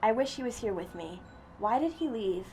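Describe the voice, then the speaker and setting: A woman reading a first-person story aloud in a steady, earnest way. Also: on the high side, moderate pace, a little hiss or hum. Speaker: story reader.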